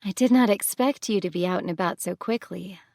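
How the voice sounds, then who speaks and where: A woman's voice: medium pitch, brisk, vocal fry, darkish tone, no echo, clean studio sound, lightly acted. A woman voicing a young goddess heroine, earnest and direct.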